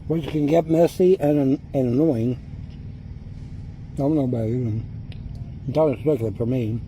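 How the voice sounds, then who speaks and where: A man chatting casually as he eats fast food in his parked car, drawling and rambling. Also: medium pitch, dark tone, slight background noise, poor audio. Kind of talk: casual mukbang chat. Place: parked car at a drive-thru.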